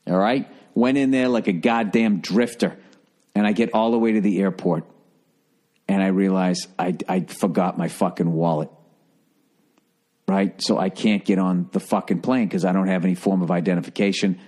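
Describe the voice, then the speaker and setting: A man's voice: deep voice, steady tone, normal speed, darkish tone. A man hosting a comedy podcast, telling a rambling, profane story in a casual monologue. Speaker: podcast host.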